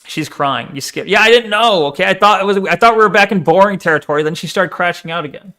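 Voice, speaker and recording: A man's voice: sits high, fast talker. A man streaming and reacting to a video in casual chat, cursing freely, laughing often and stumbling into stammers when he gets worked up. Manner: stammers when excited, self-mocking.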